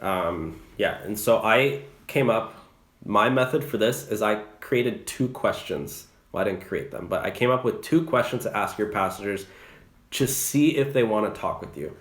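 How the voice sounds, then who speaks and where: A man's voice: lowish voice, expressive, moderate pace, a bit bright, roomy sound. A young man giving casual advice about rideshare driving, chatty and loose with many fillers and restarts. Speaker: rideshare driver and channel host.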